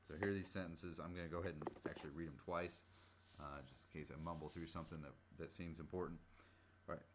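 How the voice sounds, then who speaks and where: A man's voice: rumbling low, steady tone, fast talker, breathy edge. A man from Washington State with a local accent, talking about where his family grew up in a hesitant way, with many ums and restarts, before reading aloud for an accent recording. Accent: Washington State, between east and west of the state.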